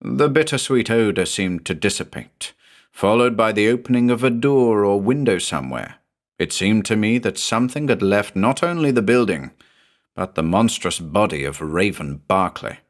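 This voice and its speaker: Deep-voiced man narrating horror. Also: expressive. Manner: measured, dramatic storytelling.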